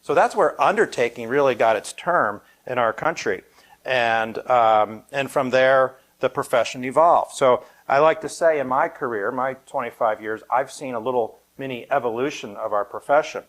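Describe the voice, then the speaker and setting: A middle-aged funeral director gives a live talk to an audience in a funeral home's event room, conversational and anecdotal with light humor. His voice is medium-pitched and a bit bright, at a moderate pace.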